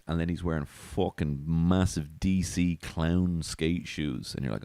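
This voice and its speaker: A low-pitched man hosts a comedy podcast. His monologue is loose, sweary and full of chuckles. The voice sits close and dry, with no room sound. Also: a little slow, few pauses, dark tone, no echo. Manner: profane, giggly and rambling.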